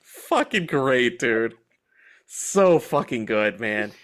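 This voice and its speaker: A man in his forties co-hosting a podcast, chatting about a movie in an excited, profane way. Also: medium pitch, extremely slow. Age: 40s. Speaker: podcast co-host. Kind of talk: casual movie chat.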